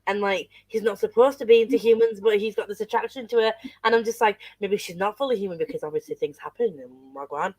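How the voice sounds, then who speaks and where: A woman guest in a casual book club chat, animated, laughing often and swearing freely as she reviews a novel. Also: medium pitch, fast talker, few pauses, dry recording.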